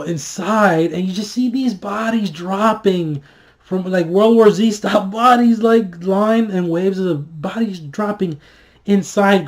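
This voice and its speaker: Excitable, foul-mouthed man reviewing a show. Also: a little high. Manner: excitable, swears freely, many fillers and restarts. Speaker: TV episode reviewer. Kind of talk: casual spoken review.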